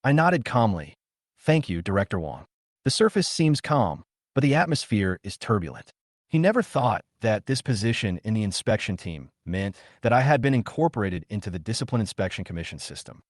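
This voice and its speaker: A man narrating a first-person story recap in a calm, steady storytelling manner. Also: fairly low pitch, brisk, no echo, studio quality.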